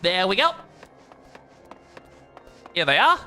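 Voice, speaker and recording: Bright high-voiced male game streamer, chatty with viewers. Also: huge pitch swings, normal speed, faint music behind. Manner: playful, chatting with viewers while playing. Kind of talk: casual game stream chat.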